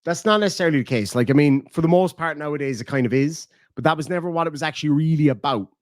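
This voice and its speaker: A man's voice: fairly high pitch, quick pace, no echo, studio quality. An Irish man streaming, casually chatting and reading out viewer comments, swearing and laughing between rambling asides. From Ireland. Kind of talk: casual live-stream chat.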